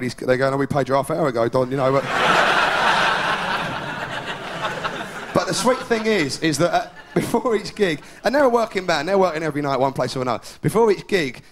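A man does live stand-up at a fairly high pitch, rambling from one story to the next. He often breaks into chuckles at his own jokes. The old tape adds a clear hiss under his voice. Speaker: stand-up comedian. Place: live comedy venue with audience. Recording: 1990s VHS live recording with hiss.

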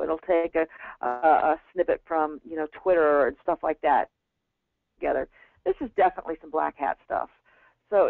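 A woman's voice: sits low, creaky, dry recording. A woman teaching a live webinar in a casual, rambling way, with frequent restarts and fillers. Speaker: webinar instructor. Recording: tinny phone-like line, dry.

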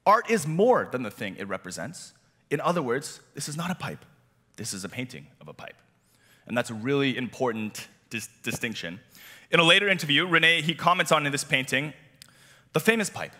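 A man preaching a sermon as youth director, animated with playful asides. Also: mid-range voice, fairly quick. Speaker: youth director and teaching pastor. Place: church hall. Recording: long church hall reverb.

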